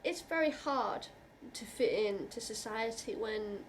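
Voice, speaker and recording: A woman vlogger with a fairly high voice speaks straight to her viewers in a heartfelt, reassuring way. She halts and restarts often as she works through her thoughts. Faint room ambience sits behind her. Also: animated, a little hiss or hum. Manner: earnest and reassuring, halting with frequent restarts; heartfelt, openly emotional. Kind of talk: personal talk to camera.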